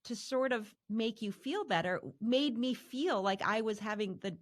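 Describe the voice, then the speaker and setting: A woman's voice: fairly high pitch, unhurried. A woman hosting a podcast, talking in an earnest, conversational way with her guest. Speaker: podcast host. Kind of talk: casual conversation.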